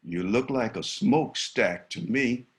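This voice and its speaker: A man's voice: mid-range voice, animated, a little slow, voice pushed up, lightly acted. A man voicing a tough, sneering schoolboy bully who taunts and challenges. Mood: taunting.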